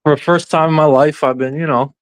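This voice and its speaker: A man's voice: on the high side, fairly even intonation, a little fast, clean tone, no echo. A man calling in to a sports show, talking in a loose, profane, rambling way. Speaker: caller. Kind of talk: casual call-in chat.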